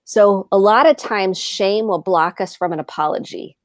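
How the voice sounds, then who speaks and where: A woman therapist calmly explaining in a video call conversation, acting out short example exchanges. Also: medium pitch, normal speed, no room sound, studio quality. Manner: calm explaining, acts out example dialogue.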